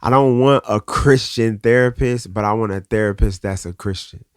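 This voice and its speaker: This guest artist's fairly low, smooth voice comes through with studio quality and no room sound. He's earnest and open in a candid podcast interview, frequently stopping and restarting his sentences.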